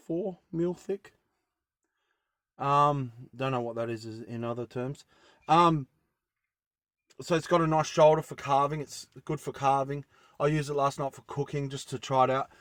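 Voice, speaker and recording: A man's voice: on the high side, no echo. A man vlogging casually from inside his van, rambling enthusiastically with lots of fillers as he shows off his gear. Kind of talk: casual show-and-tell vlog.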